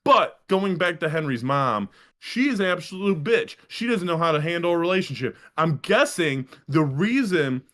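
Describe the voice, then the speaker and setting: A man co-hosting a casual podcast, telling a long story in a rambling, profane, animated way. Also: fairly high pitch, moderate pace. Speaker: podcast co-host. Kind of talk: casual sports podcast chat.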